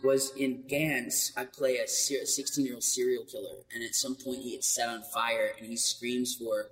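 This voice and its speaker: Recorded from a distance in an echoey hall with faint background noise, a male voice actor tells stories in a casual interview. His medium-pitched voice keeps a normal speed, and he's animated, laughing frequently.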